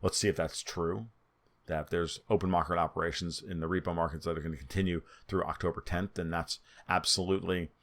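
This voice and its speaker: Going over market charts alone, a man with a nasal New York voice sounds twitchy and improvised, floating ideas and restarting often. His voice sits low and a bit bright, steady in tone, at a fairly quick pace.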